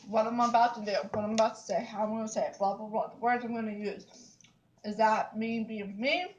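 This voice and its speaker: A woman's voice: mid-range voice, fairly quick, dull audio, slight background noise. A woman, venting in a casual vlog, emphatic and repetitive, with lots of "like, seriously.". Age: 30s. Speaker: vlogger. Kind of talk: upset casual rant to camera.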